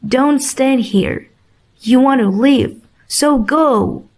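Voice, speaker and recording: Proud delicate flower voiced by a woman, storybook, high, slow. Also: a little mellow. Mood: curt.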